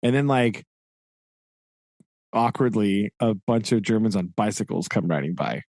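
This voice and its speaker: A man's voice: lowish voice, a little slow, a little mellow, dry recording. A man co-hosting a podcast, retelling a book's plot in loose, rambling chat. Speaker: podcast co-host. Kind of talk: casual book-club chat.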